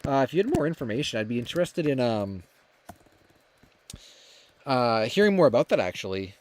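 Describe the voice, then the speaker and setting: A man's voice: medium pitch, big pitch swings, moderate pace, a little mellow, a little hiss or hum. A young man hosting a livestream, chatting casually and reading viewer comments aloud, rambling with many fillers and restarts. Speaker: livestream host.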